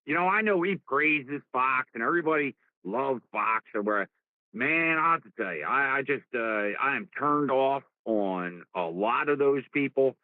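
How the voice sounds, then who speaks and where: A man's voice: mid-range voice, measured pace, no echo. A man with a strong New Jersey accent hosting a live political talk show, ranting and repeating his words as he goes. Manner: animated, rambling, repeats words. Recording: dry tinny phone-like sound.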